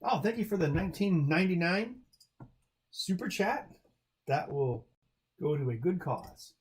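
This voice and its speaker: A man's voice: high-pitched, animated, measured pace. A man hosting a charity livestream, answering viewer chat in a loose, rambling way with lots of fillers and restarts.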